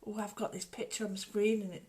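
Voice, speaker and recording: A woman's voice: mid-range voice, little pitch movement, fast talker, a little mellow. A woman hosting a casual home livestream, rambling chattily and greeting viewers by name. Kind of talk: casual live chat.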